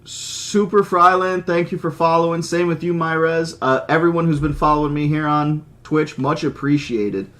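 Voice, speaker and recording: A man reading a novel aloud on a live stream, with plain, steady narration and casual asides to his viewers. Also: a little high, normal speed, few pauses. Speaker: audiobook reader and streamer.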